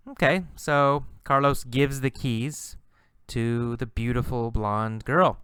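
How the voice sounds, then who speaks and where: Slow, patient male English teacher. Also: mid-range voice, fairly bright tone, clean tone, no echo, clean studio sound. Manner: patient, explains words with many repeats. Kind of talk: slow, repetitive lesson narration.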